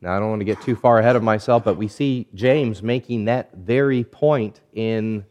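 A man preaching a sermon, measured and deliberate, stretching key words and letting phrases fall quiet at the end. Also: dull audio. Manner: drops low and quiet at phrase ends. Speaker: pastor.

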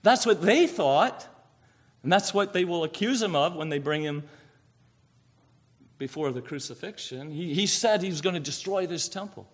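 Guy preaching a sermon, kinda high voice that swings all over, tosses out questions. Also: moderate pace. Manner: animated preaching with rhetorical questions.

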